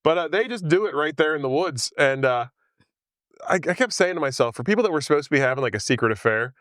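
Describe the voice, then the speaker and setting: A man's voice: on the high side, animated, quick pace, fairly bright tone, dry recording, studio quality. A man casually recapping a film on a podcast, rambling with many fillers and frequent laughs. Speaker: podcast host. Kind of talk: casual movie recap chat.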